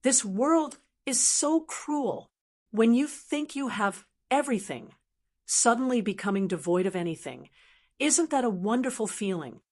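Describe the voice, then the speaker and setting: A woman's voice: fairly high pitch, expressive, a little slow, a little mellow. A woman reading an audiobook voices a scheming senior sister who laughs sinisterly and mocks her enemy. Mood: gloating. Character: scheming sect senior sister, cold and gloating.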